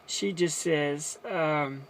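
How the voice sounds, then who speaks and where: A man's voice: on the high side, drawn-out words. A man casually retelling a Bible story as a teacher, chatty and explaining as he goes.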